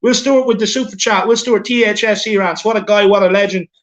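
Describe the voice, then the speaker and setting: Chatty Irish man with a high voice. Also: steady tone, quick pace, a bit bright. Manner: chatty, repeats himself, calls people "my man" and "lad". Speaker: show host reading super chats. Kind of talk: casual live-stream chat. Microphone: phone.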